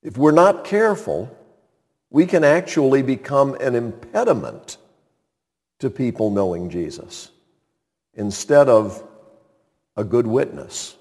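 A man's voice: medium pitch, lively intonation, measured pace, long pauses, a little mellow, slightly rough, long reverb tail. A man preaching a sermon as a pastor, earnest and building in force on key points.

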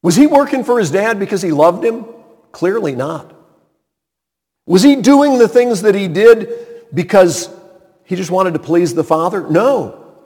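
A man's voice: sits high, animated, a little slow, pauses often, a little mellow, breathy edge. A man preaching a sermon, retelling a story with dramatic emphasis and sudden emphatic peaks. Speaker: pastor. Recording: reverberant hall.

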